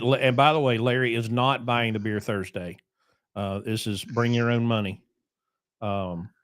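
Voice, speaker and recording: On a dry recording, a man with a medium-pitched voice hosts a laid-back trucking podcast. He rambles loosely, full of ums and side remarks.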